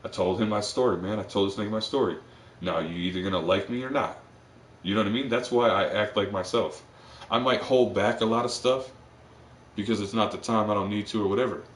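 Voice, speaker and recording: A man's voice: lowish voice, brisk. A man streaming live, rambling on in a casual, profane monologue full of fillers. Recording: echoey room, far from the mic.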